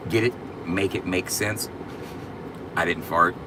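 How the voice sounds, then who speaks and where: A man's voice: low-pitched, fairly even intonation, measured pace, very noisy. A man hosting a casual livestream, joking and bragging to his chat in a loose, profane drawl, often repeating "you know what I'm saying". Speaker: livestream host.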